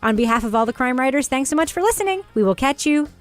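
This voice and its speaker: A woman hosting a podcast in casual chat, wry and quick to laugh as she puts questions to her co-hosts. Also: high voice, expressive, soft background music. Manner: wry, laughs often, steers the talk with questions. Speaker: podcast host.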